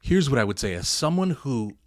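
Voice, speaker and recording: A man's voice: medium pitch, big pitch swings, fairly quick, no echo, studio quality. A man, a pastor and military veteran, telling his story in a candid podcast interview with earnest emphasis.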